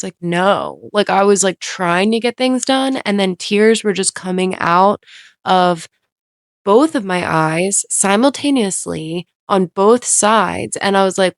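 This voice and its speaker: A woman's voice: medium pitch, unhurried, no room sound, studio quality. A woman telling a personal story on a podcast in a rambling, candid way, often interrupting herself and using lots of "like". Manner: rambling, self-interrupting, heavy use of "like"; candid, occasionally swears.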